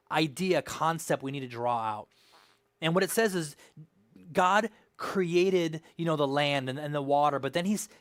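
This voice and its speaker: A man's voice: on the high side, no room sound. A man preaching a sermon as pastor, emphatic, with rhetorical questions and repeated phrases.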